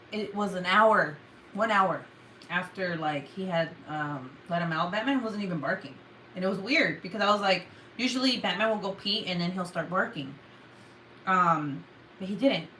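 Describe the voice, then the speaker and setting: A young adult woman vlogger, her voice mid-range, chats casually with her viewers at a moderate pace, swearing a lot and loudly acting out her own outbursts as she retells a story. There's a little hiss or hum in the recording.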